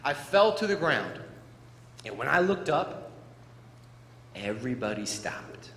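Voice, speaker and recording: A middle-aged man giving a playful, animated storytelling speech to students as a motivational speaker, in a large school hall. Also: medium pitch, slow. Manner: animated, playful, acts out sound effects. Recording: echoey hall with faint room noise.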